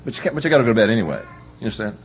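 Middle-aged male preacher, folksy conversational sermon delivery, mid-pitched voice, lo-fi phone-line recording. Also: very animated, racing. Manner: folksy, keeps asking "you understand?". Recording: tinny phone-like recording with faint hum.

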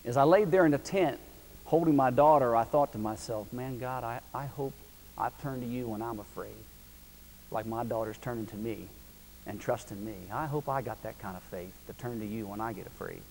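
A middle-aged man preaching a sermon, telling a family story in a folksy, animated way that swings from loud preaching to hushed, quiet telling. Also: mid-range voice, moderate pace. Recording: reverberant hall with faint hiss.

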